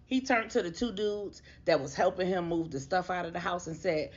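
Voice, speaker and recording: A woman's voice: fairly low pitch, brisk, hardly any pauses, lo-fi sound. A woman narrating a grown-up bedtime story in a casual, conversational way, talking straight to her listeners. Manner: conversational, lively, addressing listeners.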